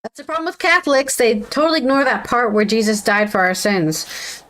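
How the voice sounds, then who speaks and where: A woman's voice: on the high side, fairly quick, a bit bright. A woman streamer chatting casually while playing a detective game and reading its dialogue aloud. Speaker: gaming streamer. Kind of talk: casual let's-play commentary.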